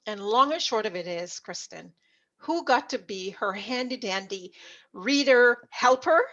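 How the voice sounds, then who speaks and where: Animated woman coach from Jamaica. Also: a little high, measured pace. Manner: animated storyteller, acts out remembered dialogue. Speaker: leadership coach, guest. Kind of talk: conversational storytelling interview. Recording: dull lo-fi audio.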